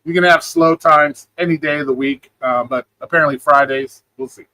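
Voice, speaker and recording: A man's voice: on the high side, fairly even intonation, moderate pace, sharp tone, poor audio. A man hosting a live stream, bluntly talking back to clips and chat in a repetitive, casual way.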